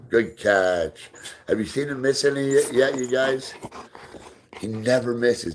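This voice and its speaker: Low-voiced man chatting on a live stream. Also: steady tone, unhurried, a little hiss or hum. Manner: reads out and answers viewer comments, often drops into soft baby talk for his dog. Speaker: livestream host. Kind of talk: casual live chat with viewers.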